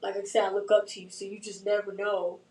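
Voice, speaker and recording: A woman in her twenties, a guest in casual chat, soft-spoken and heartfelt as she reflects. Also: mid-range voice, flat delivery, fast talker. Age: 20s. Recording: roomy sound from a distant mic.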